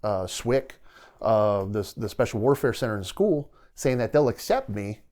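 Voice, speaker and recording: A middle-aged man with a somewhat low voice tells his own story as a guest on a podcast. He talks casually and with animation, acting out the voices of people he quotes. He laughs readily as he goes. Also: moderate pace. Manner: animated storyteller who acts out quoted dialogue and laughs often. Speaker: podcast guest, retired soldier.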